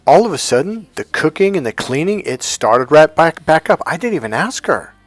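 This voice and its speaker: A man's voice: fairly high pitch, big pitch swings, normal speed, dry recording. A man giving a dating coach's storytelling monologue, blunt, profane and emphatic, with faint music behind him.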